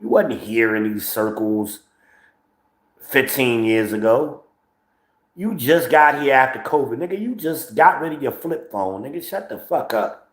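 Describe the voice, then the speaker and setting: A man's voice: mid-range voice, lively intonation, unhurried, pitched above the performer's own voice, lightly acted. A man putting on a crude, dismissive Italian mobster voice to tell someone off. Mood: scornful. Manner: crude, scornful shouting. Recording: roomy echo.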